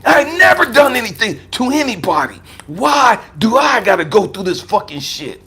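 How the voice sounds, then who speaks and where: An American man in his fifties, a life coach giving a personal testimony talk, emphatic and profane, swinging from raised outbursts to low murmurs. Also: sing-song, normal speed, sharp tone. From United States. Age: 50s.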